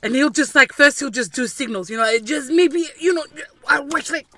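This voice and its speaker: A woman in her thirties from Fiji chats casually, telling family stories. She acts out the people in them with lively imitation. Her voice has a bright, forward tone. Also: high voice, a little fast, slight background noise. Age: 30s. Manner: animated storyteller who mimics her dad. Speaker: host. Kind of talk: casual chat.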